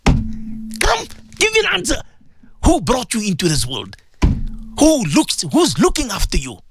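A man's voice: very high-pitched, huge pitch swings, a little slow, fairly bright tone, a little hiss or hum. A man hosting a devotional radio show, pleading and impassioned, often repeating his words. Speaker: radio host and cleric. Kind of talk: emotional radio devotional talk.

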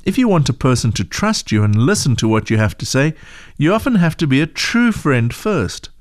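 A man voicing a gentle, patient churchgoing mother in a storybook reading, calm and encouraging. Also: mid-range voice, moderate pace, no echo, clean studio sound, lightly acted.

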